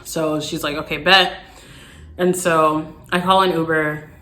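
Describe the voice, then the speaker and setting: A young woman vlogger, telling a storytime in an animated, exasperated way. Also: deep voice, unhurried. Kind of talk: storytime vlog.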